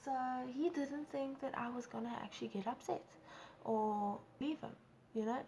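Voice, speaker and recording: A young woman with a South African accent telling a storytime vlog, animated and acting out quotes. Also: moderate pace, a little hiss or hum. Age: young adult. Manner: animated, acts out quotes with big pitch jumps. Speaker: vlogger. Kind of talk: casual storytime.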